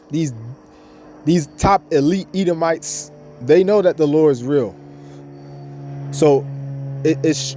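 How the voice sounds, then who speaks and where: A man's voice: fairly high pitch, dark tone, a little hiss or hum. A man giving an informal scripture lesson in a casual, repetitive way, reading verses aloud between his own comments. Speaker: bible teacher.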